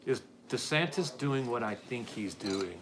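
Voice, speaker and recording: A man's voice: medium pitch, animated, unhurried, slight background noise. An American man hosting a casual live-stream chat, reading viewer comments aloud and laughing often. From United States. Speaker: podcast host.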